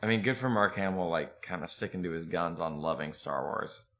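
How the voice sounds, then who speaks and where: A man's voice: low voice, brisk, a bit bright. A man co-hosting a podcast, chatting casually about a movie with crude jokes and lots of swearing. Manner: crude, joking, swears a lot. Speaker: podcast co-host. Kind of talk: casual movie-review chat.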